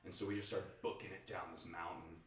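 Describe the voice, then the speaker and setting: A man's voice: sits low, steady tone, brisk, slight background noise. A man who is a guest on a podcast, telling a story casually, swearing a lot and saying "like" often. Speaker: podcast guest, stand-up comedian. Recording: echoey room, distant mic.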